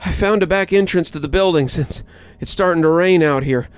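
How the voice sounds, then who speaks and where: A man's voice: on the high side, fairly quick, smooth, no room sound, pitched above the performer's own voice, lightly acted. A man voicing a frightened young male army private giving nervous, urgent radio reports. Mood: scared.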